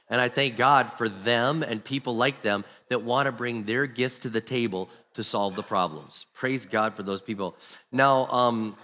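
A man's voice: medium pitch, sharp tone, in a large hall. A man preaching a sermon as pastor, telling stories and acting out the people he quotes. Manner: storytelling, acts out quoted people.

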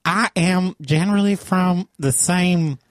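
A man voicing a folksy male outsider in an improvised comedy sketch, with a slow, drawn-out delivery. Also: high voice, no echo, clean studio sound. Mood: odd folksy. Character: male outsider "Out of Town Guy", odd folksy manner.

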